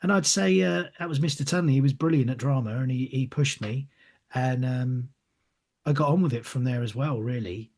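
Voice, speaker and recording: An actor from England, a middle-aged man, gives casual interview answers, telling chatty stories and acting out other people's voices in his anecdotes. His voice is medium in pitch and a little mellow, at a moderate pace.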